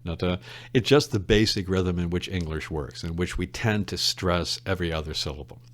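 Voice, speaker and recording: As a guest on a casual podcast, this English literature professor has a deep, slightly bright voice and a moderate pace, captured in a dry recording. Thoughtful and wry, he explains things digressively, wandering into side stories.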